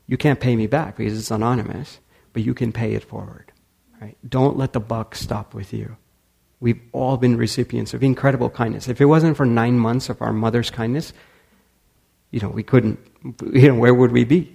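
A man's voice: mid-range voice, a little fast, creaky, husky. A man giving a talk, telling a story and acting out the people in it. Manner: animated storyteller acting out quotes. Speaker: speaker.

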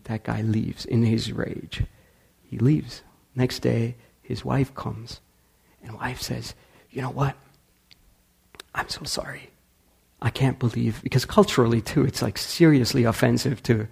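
Male storyteller giving a talk, animated, acting out quotes, husky with gravel. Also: mid-range voice. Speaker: speaker.

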